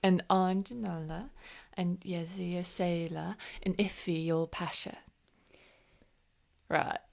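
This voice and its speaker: A woman player in a tabletop game chatting in a relaxed, reassuring way. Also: on the low side, slow pace, vocal fry. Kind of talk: casual game chat.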